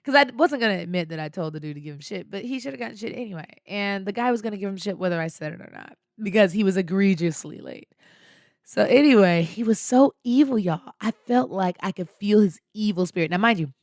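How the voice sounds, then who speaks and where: A woman hosting a podcast, telling a personal story in an animated, slangy way and laughing often. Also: mid-range voice, fast, dry recording, studio quality. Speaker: podcast host. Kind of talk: casual storytelling.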